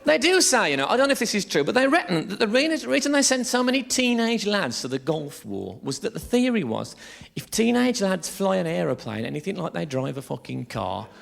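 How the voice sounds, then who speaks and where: A man tells a stand-up story on a theatre stage. His pitch jumps about a lot and his voice has a gravelly edge. The room around him is a live theatre, and there is crowd laughter behind him. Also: fairly quick, few pauses. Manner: lively, rambling, swearing storyteller. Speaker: stand-up comedian. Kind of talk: stand-up comedy set.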